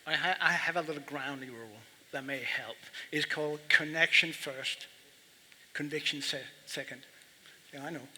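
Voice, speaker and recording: A man moderating a panel discussion, speaking in a halting, reflective way and often repeating words. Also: fairly high pitch, pushed and bright. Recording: reverberant hall, faint background noise.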